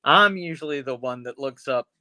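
A man's voice: mid-range voice, normal speed, bright, forceful tone, dry recording. A man co-hosting a casual podcast, retelling a horror episode in a rambling, crude way. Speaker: podcast co-host.

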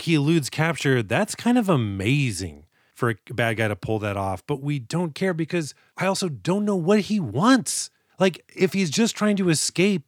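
A man's voice: on the high side, dry recording, studio quality. A man co-hosting a movie podcast, riffing in a joking, profane way during casual chat. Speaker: podcast co-host.

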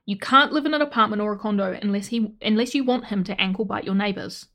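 A woman's voice: medium pitch, quick pace, fairly bright tone. A woman reading out a comic adoption listing in a dry, sardonic manner. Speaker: reader of a pet adoption listing.

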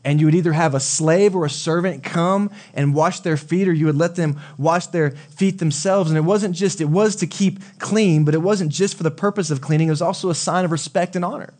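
Guy pastor giving a sermon, kinda higher voice, chatty, keeps asking the crowd stuff. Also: fairly quick, few pauses, darkish tone. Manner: conversational, asks the audience questions.

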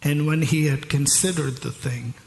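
A man's voice: on the high side, steady tone, normal speed, gravelly, a little hiss or hum. A middle-aged male pastor preaching a sermon in a large church hall, asking the congregation rhetorical questions and answering them himself. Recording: echoey hall with long reverb.

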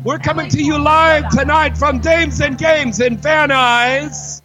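A man hosting a live show from a club, loud with hyped announcer patter. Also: very high-pitched, steady tone, slow pace. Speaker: host. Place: club venue.

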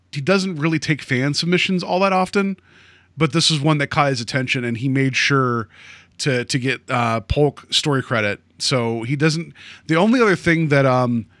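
A man's voice: medium pitch, a bit bright, dry recording. Rambling man with a dry close sound. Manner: rambling, filler-heavy with many "like"s. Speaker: podcast co-host. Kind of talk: casual chat.

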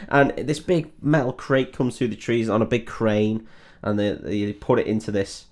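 A man's voice: lowish voice, steady tone, moderate pace, a little mellow. A man co-hosting a comedy podcast, recapping a film in a rambling way, laughing and swearing often. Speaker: podcast co-host.

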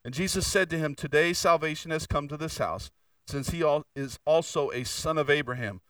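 A man preaching a sermon as pastor in a church, moving between fervent, raised passages and quieter, confessional asides. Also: on the high side, normal speed, no room sound, distant mic, low-quality recording. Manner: preaching with rising intensity and candid confession. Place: church sanctuary.

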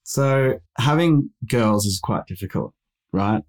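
A man's voice: on the low side, slow. A man, a guest on a parenting podcast, telling stories casually and acting out the people he quotes. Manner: animated, acts out quoted people in raised voices. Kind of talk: casual storytelling.

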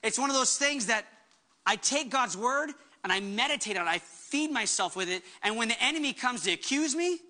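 A woman's voice: on the high side, animated, a little fast, sharp tone. A woman pastor delivering a sermon with emphatic preaching, acting out the words she quotes.

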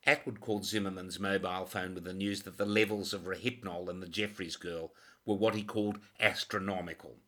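A man reading a crime novel as scripted audiobook narration, measured and dramatic. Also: low voice, steady tone, pushed and bright.

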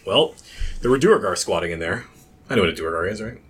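Very deep male player, measured and dry. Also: lively intonation, a bit bright, a little hiss or hum. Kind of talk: tabletop role-play.

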